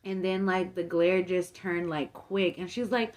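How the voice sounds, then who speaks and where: A woman's voice: on the low side, steady tone, a little slow, hardly any pauses, darkish tone. A young woman in a casual mukbang storytime, chatty and full of fillers, acting out the people she quotes. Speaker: mukbang vlogger. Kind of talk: casual storytime while eating.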